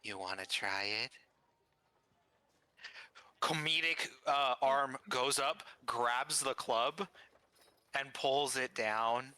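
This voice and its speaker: A man's voice: medium pitch, slow, long pauses, bright, forceful tone. A man playing a tabletop game, describing his character's actions in a playful way. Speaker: player.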